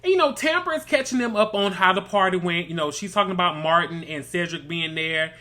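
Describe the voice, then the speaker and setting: A man runs a reality TV recap, chatty and sassy. His voice is bright and forceful, and he keeps calling his listeners baby and girl. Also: sits high, expressive, a little fast. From Mississippi. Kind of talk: casual review commentary.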